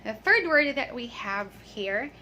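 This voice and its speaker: Woman, cheerful teacher, high-pitched, crisp bright tone. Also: lively intonation, slight background noise. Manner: upbeat, repeats "okay" often, drills words slowly. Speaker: English pronunciation teacher. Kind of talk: casual video lesson.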